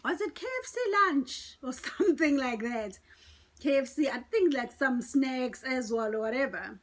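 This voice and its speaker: A woman's voice: high-pitched, lively intonation, moderate pace. A middle-aged woman, telling a dramatic personal story to her viewers in a chatty way. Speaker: vlogger. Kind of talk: storytime vlog.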